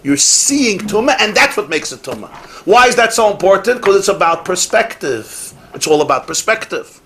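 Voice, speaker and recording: Rabbi lecturing a class, fairly high voice for a man, punchy repetitions, faint background hiss. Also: big pitch swings, moderate pace, bright, forceful tone. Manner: emphatic, repeats key phrases, mixes in Yiddish and Hebrew words.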